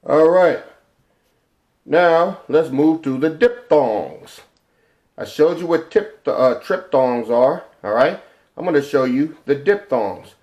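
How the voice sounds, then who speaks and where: A man teaching informally from a chart, halting often with repeated fillers and sounding out letters and syllables. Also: on the high side, expressive, darkish tone. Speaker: religious teacher.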